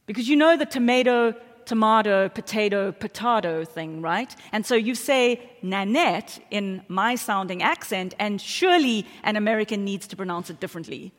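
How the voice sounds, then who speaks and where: A woman's voice: medium pitch, lively intonation, moderate pace, few pauses. A middle-aged South African woman gives a sermon in a church sanctuary, her voice trailing into a long hall reverb. She tells her stories in a chatty, self-deprecating way and keeps checking in with the congregation. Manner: chatty, self-deprecating storytelling with audience asides. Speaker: pastor.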